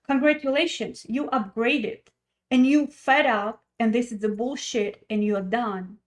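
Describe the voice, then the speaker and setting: A woman's voice: on the high side, measured pace. A middle-aged woman, a wellness coach giving a blunt, profane motivational talk. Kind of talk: motivational monologue.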